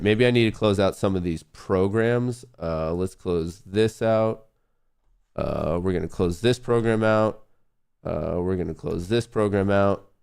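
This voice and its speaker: A man with a deep voice that has a gravelly, fry-laden edge. He hosts a live trading stream and thinks aloud to his viewers. He mutters to himself as he works at his computer. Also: darkish tone. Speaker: livestream host and day trader.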